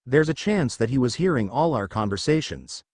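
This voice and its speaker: Guy reading a bossy young woman commander, orders and snappy retorts, lively pitch, dry sound. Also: moderate pace, dry recording, close to an everyday voice. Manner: barks orders, sharp retorts. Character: commanding young woman army leader, tense.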